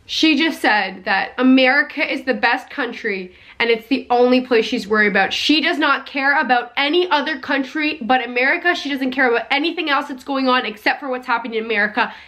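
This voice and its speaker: Young woman, high voice, impassioned vlog commentator. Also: brisk, few pauses, sharp tone. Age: young adult. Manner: heated, lots of "like" fillers. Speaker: commentary YouTuber. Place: home basement.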